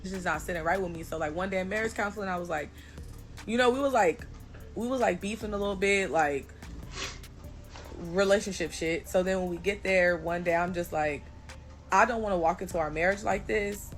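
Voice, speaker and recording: A woman telling a personal story in a casual storytime monologue, blunt, profane and animated. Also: on the low side, brisk, soft background music.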